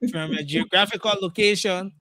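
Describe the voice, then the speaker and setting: A man co-hosting a live talk show, joking and stammering now and then. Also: high-pitched.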